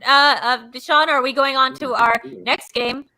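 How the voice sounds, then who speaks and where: A woman co-hosting a comedy live stream, rambling playfully with deadpan jokes. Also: high-pitched, normal speed, creaky. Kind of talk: casual comedic banter.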